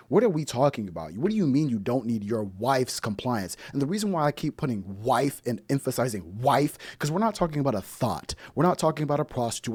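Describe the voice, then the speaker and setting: A man's voice: medium pitch, breathy edge, dry recording. Blunt man lecturing with rhetorical questions. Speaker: relationship commentary host. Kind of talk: reaction commentary on a clip.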